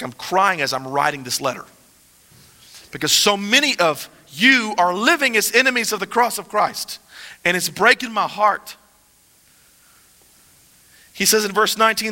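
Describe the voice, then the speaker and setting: A man with a high, very bright, sharp voice preaches a passionate sermon. His delivery swings from hushed asides to driving, emphatic lines. The voice rings with the long reverb of a large church hall. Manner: impassioned, shifts between soft and emphatic. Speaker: pastor.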